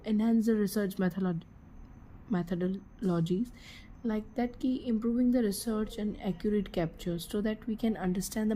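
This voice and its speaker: A woman's voice: medium pitch, mellow, poor audio. Hesitant woman explaining forensics, faint hiss. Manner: hesitant, many fillers and restarts. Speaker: forensics channel presenter. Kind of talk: informal educational talk.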